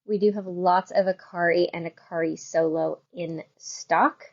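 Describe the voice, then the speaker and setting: A woman hosting a yarn shop's live show, chatting casually and walking through products with quick, rambling asides. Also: on the low side, steady tone, creaky, muffled recording. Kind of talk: casual chat with product demo.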